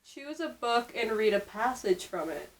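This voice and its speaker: A woman's voice: fairly high pitch, big pitch swings, a little slow, low-quality recording. Chatty young woman from upstate New York. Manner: chatty, many fillers. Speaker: vlogger. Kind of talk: casual chat.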